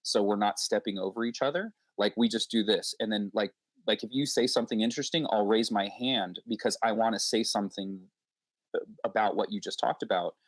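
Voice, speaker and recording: Lower-voiced man in a casual panel chat. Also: a little fast, no room sound. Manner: rambling, acts out quoted exchanges. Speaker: podcast host on a panel.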